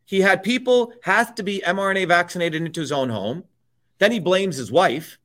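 A man's voice: sits high, moderate pace, fairly bright tone. Profane, fiery middle-aged man. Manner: profane, emphatic, repetitive. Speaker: guest. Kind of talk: heated political rant.

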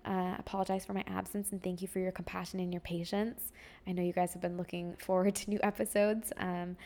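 A young woman hosts her own podcast and talks to her listeners in a loose, heartfelt way, full of fillers and restarts. Her voice sits fairly low and stays quite even in pitch. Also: vocal fry. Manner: heartfelt, rambling, with many fillers. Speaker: podcast host. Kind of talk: casual solo podcast update.

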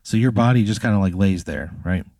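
Male co-host, low voice, dry close sound, rambling improvised comic storyteller. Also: fairly quick, dark tone, no room sound. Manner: rambling, full of fillers and laughs. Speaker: comedy podcast co-host.

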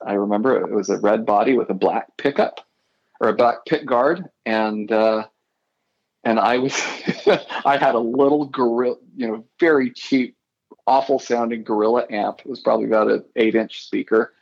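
A man's voice: mid-range voice, moderate pace, gravelly, lo-fi sound. A middle-aged man from Idaho, a guitarist guest, telling rambling stories in a casual interview and often correcting himself.

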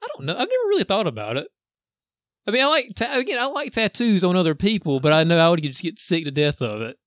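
A man's voice: sits high, very animated, fast talker, a bit bright, no echo. A man co-hosting a podcast, easygoing in casual chat, laughing easily and dropping dry jokes. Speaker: podcast co-host.

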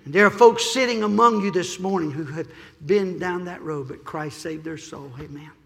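A man's voice: high-pitched, normal speed, creaky. Preaching man in a reverberant church. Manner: preaching, rising to shouts, repeats phrases. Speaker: pastor. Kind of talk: sermon. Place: church sanctuary.

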